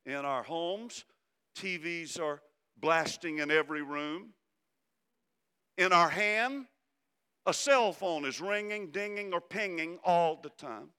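A man preaching a sermon, swinging from loud emphasis down to hushed, soft phrases. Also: fairly high pitch, animated, slow, pauses often, smooth. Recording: long hall reverb.

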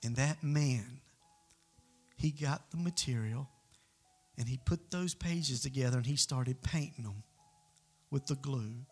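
A male preacher delivers sermon storytelling in an earnest, conversational manner. His voice sits slightly high and carries a gravelly fry. Soft instrumental music plays faintly underneath. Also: expressive, a little slow.

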